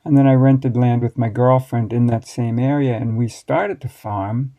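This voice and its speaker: An American man in his sixties, a master baker, telling stories from his past in a relaxed, wry way as an interview guest. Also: mid-range voice, normal speed. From United States. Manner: relaxed, reflective, wry storytelling. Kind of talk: storytelling interview answers.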